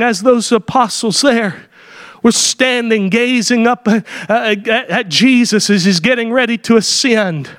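High-voiced preacher man, often shouting. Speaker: pastor. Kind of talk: sermon.

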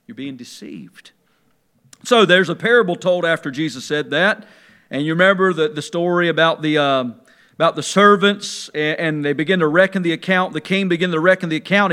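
A man preaching a sermon, swinging from quiet musing to loud, emphatic preaching and drawing key words out slowly. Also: sits high.

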